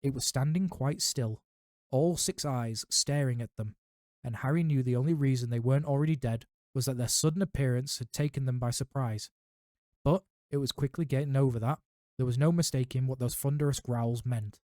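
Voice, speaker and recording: A man reads a novel aloud in a steady, unhurried narration, stumbling now and then. His tone is mellow and warm. The recording is dry and close, with no room sound. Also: medium pitch, no room sound. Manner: steady narration with small slips. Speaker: reader. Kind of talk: audiobook reading of a novel.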